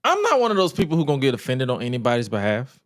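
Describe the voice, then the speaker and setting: A man co-hosting a podcast in casual chat, an expressive storyteller who acts out what others said and swears freely. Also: medium pitch, very fast, no room sound. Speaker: podcast co-host.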